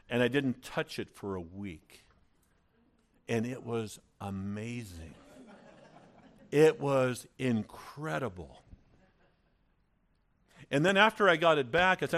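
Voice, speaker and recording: A male pastor preaches to his congregation in a church, mid-pitched and animated. He tells personal stories with frequent stammered restarts, building to bursts of energy. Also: moderate pace. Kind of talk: sermon with personal story.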